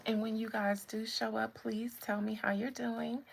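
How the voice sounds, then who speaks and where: A woman hosting a live spiritual chat stream, talking casually and greeting viewers by name in a relaxed way. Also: on the high side, moderate pace, gravelly, slight background noise.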